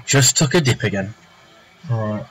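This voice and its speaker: Drawing on a live stream at home, this man rambles unhurriedly in a low-leaning, somewhat bright voice with lively intonation, talking to himself with plenty of fillers and trailing thoughts. The recording is rough, with soft music in the background.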